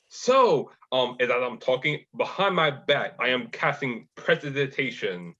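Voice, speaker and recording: A man playing a tabletop game who talks in an energetic, playful way, on dull lo-fi audio. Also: medium pitch, measured pace, hardly any pauses. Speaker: player.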